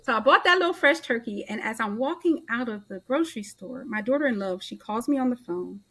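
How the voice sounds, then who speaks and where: A middle-aged woman, a podcast guest, telling a personal story in an animated way and acting out the dialogue of the people in it. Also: fairly high pitch. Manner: animated storyteller who acts out others' dialogue in quick back-and-forth. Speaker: podcast guest, author and life transitions coach.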